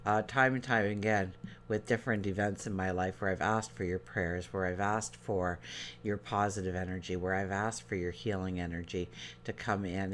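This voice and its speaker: A man's voice: low voice, steady tone, moderate pace, a bit bright, slight background noise. A man giving a daily tarot reading to his viewers, talking in an earnest, rambling way with many fillers and restarts. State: choked up. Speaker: tarot reader.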